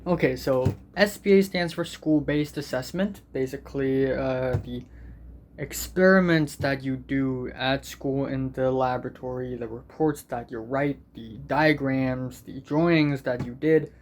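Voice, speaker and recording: A man's voice: mid-range voice, fairly even intonation, a little slow, a little hiss or hum. Angry, swearing teenage boy ranting. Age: teens. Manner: angry, profane, self-deprecating venting. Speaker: student vlogger. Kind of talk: ranting vlog.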